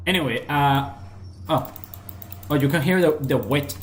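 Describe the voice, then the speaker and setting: A man's voice: fairly high pitch, unhurried, a little hiss or hum. A man giving casual gameplay commentary, joking, mocking himself and thinking aloud as he plays. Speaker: gameplay streamer.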